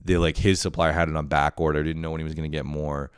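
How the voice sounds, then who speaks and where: A young Canadian podcast host with a bass voice talks fast and flat in a rambling, foul-mouthed, self-deprecating solo monologue, often breaking into laughter. His tone is clear and resonant, recorded at studio quality with no room sound.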